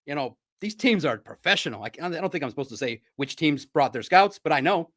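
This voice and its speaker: A man hosting a sports podcast, chatting casually and telling animated stories with frequent laughter. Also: a little high, a little fast. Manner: animated storyteller, laughs often, mimics shouting. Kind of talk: casual livestream chat.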